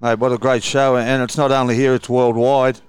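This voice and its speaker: An Australian man hosting a radio show, interviewing a guest in relaxed, matey banter. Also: mid-range voice, moderate pace, smooth, dry recording. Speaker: radio host.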